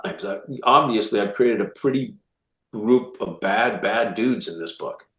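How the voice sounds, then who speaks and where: A low-pitched man talks through ideas in a casual interview, animated and restless, often restarting and repeating words as he goes. His voice carries a noticeable room echo. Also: measured pace. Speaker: author guest. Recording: roomy echo.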